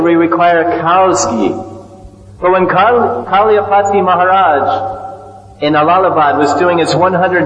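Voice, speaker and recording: Man giving a sermon in an echoey hall. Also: a little high. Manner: storytelling, explains terms, asks listeners questions. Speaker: spiritual teacher. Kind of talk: sermon on scripture. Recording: echoey hall, dull lo-fi sound.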